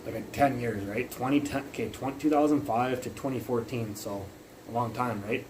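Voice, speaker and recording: A man's voice: mid-range voice, normal speed, background noise. A young man livestreaming from his phone, telling a long rambling story full of curses, fillers and restarts. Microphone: phone mic.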